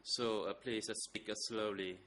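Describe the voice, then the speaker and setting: A male judge opening a court session, speaking formally, slowly and haltingly with many fillers. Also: lowish voice, fairly even intonation, sharp tone. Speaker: presiding judge.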